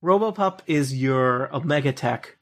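Knarrig-rauer Spielleiter, entspannt lachend. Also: male voice, mid-range voice, measured pace. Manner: relaxed, laughs often, many fillers. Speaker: game master. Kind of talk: narrating a tabletop game.

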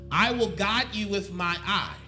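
High-voiced preaching pastor. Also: male voice, expressive, measured pace, faint music behind. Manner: repeats and restarts phrases, calls on the congregation to respond; swings from soft to loud exhortation. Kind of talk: sermon.

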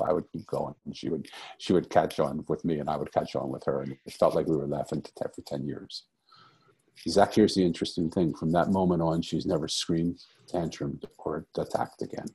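Earnest middle-aged man, deep husky voice. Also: dark tone. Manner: earnest, reflective, repeats phrases for emphasis. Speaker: guest. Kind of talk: conversational storytelling.

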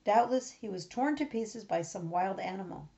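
A woman's voice: mid-range voice, animated, moderate pace, warm tone, natural voice. A woman reading out the part of a pleading older brother in an earnest, plain reading voice with small slips. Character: pleading male elder brother. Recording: dull lo-fi recording.

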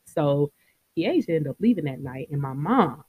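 A woman in her thirties, a podcast host, tells her listeners a personal story in a loose, chatty way, laughing often as her low, sing-song voice rises and falls a lot. She speaks at normal speed with a slightly rough tone. The audio is narrow and tinny, dry and close with no room echo.

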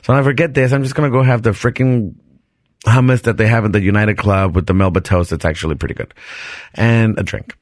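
Male podcast host, lowish voice, dry close sound, animated casual storyteller. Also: brisk, dry recording. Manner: animated, chatty, restarts sentences and laughs often.

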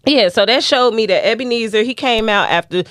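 A woman's voice: a little high, brisk, dry recording, clean studio sound. A woman co-hosting a podcast, chatting casually in a comic, profane way, often laughing and slipping into voices as she tells a story. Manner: animated, profane, laughs a lot, mimics voices. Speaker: podcast co-host. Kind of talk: casual comedic chat.

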